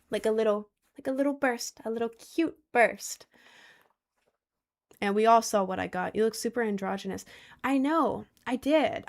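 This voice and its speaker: A young woman of about twenty, chatting casually to her viewers and telling stories in an animated way. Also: fairly high pitch. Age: young adult, about 20. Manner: chatty, animated storytelling, mocking quoted voices. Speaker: content creator.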